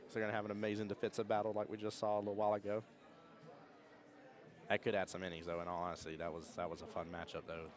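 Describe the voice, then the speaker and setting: An American man giving chatty, rambling live stream commentary at a pool tournament. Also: low-pitched. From United States. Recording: crowd noise.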